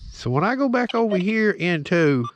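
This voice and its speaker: A man's voice: high-pitched, very animated, moderate pace, background noise. A man giving a plain-spoken, hands-on tutorial outdoors, often checking in with the viewer. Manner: plain-spoken, drawling, keeps checking in with "okay?". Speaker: metal detecting hobbyist demonstrating a detector.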